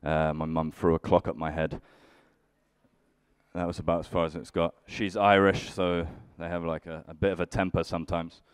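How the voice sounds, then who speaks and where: A man's voice: sits low, little pitch movement, normal speed, clear, resonant tone, no echo. A young man doing live stand-up comedy, grumpily bantering with the audience in a dry way. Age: young adult. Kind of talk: live stand-up with crowd work.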